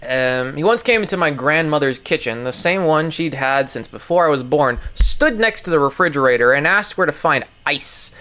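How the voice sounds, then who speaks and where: A man's voice: on the high side, lively intonation, normal speed, hardly any pauses, bright, forceful tone. Rambling, swearing man reading aloud. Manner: rambling, swears a lot, stumbles over words. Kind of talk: casual reading aloud with commentary.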